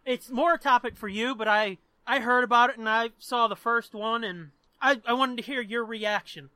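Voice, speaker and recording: Podcast co-host, man, mid pitch, bright tone, profane and giggly, dry close mic. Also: normal speed, dry recording. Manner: profane, laughs often, tells jokes. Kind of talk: casual chat.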